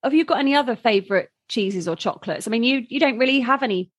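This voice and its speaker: A woman's voice: on the high side, expressive, fast talker, no room sound, studio quality. A woman co-hosting a podcast, chatty and giggly in casual conversation. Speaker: podcast co-host. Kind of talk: casual chat.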